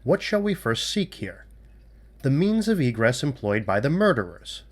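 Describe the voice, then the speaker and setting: A man's voice: medium pitch, sing-song. A man reading as a methodical detective. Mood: reasoning. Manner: measured, lecturing reasoning. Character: methodical, cool-headed male amateur detective. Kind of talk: audiobook reading.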